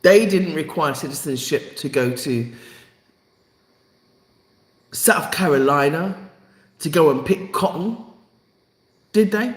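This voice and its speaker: A woman's voice: low voice, expressive, slow pace, pauses often. Woman hosting a live stream, emphatic, repeats herself for effect, voice rises and falls a lot, echoey room. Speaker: channel host. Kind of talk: live-stream talk to viewers.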